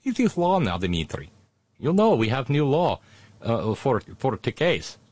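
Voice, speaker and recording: A man's voice: medium pitch, wildly swooping pitch, unhurried, darkish tone, no room sound, voice pushed up. A man putting on a mock Russian accent to voice a stern, matter-of-fact Russian wife.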